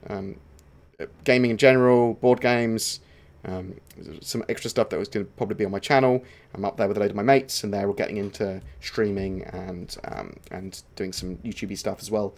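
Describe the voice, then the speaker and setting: On a livestream for his gaming channel, a man answers viewer questions in a relaxed, rambling way packed with filler sounds. His voice sits on the low side.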